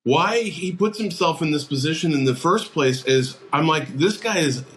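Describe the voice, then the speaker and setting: A man co-hosting a podcast, chatting casually and retelling film scenes with quick acted quotes. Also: a little high, a little hiss or hum. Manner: animated retelling, acting out movie quotes. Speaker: podcast co-host. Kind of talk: casual movie chat.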